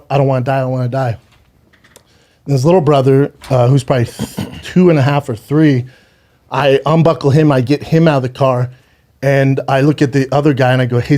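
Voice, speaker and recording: On a podcast, a man in his thirties shares a harrowing personal story in a warm, mid-range voice. Frequent swearing runs through it as he fights tears, stumbles, and keeps restarting and repeating words.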